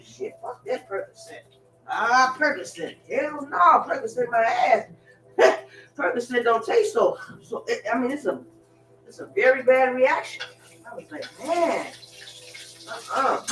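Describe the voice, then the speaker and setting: A woman's voice: a little high, fairly bright tone, recorded from a distance, slight background noise. Rambling woman talking off-mic in kitchen. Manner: loose, blunt storytelling with profanity and laughs. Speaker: livestream host. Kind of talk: rambling casual monologue. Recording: roomy, off-mic with kitchen clatter.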